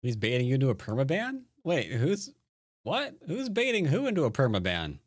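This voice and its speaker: A man who teaches Go, chatting casually on a live stream, playful and jokey with quick restarts, sounding tired from little sleep. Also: mid-range voice, huge pitch swings, dry recording. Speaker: Go player and teacher streaming a game. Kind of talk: casual live-stream commentary answering chat.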